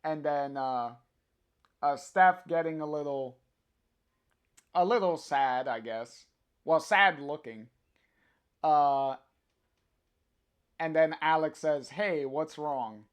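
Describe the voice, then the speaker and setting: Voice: mid-range voice, takes it slowly, long pauses, clear, resonant tone. A livestreamer reading a comic aloud on stream, hesitant with many filler sounds and chatty asides to viewers.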